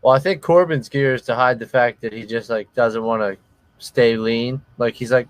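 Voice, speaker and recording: A man's voice: medium pitch, fairly even intonation, moderate pace, no echo. A man co-hosting a casual wrestling watch-along, joking around and laughing often. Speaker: podcast co-host.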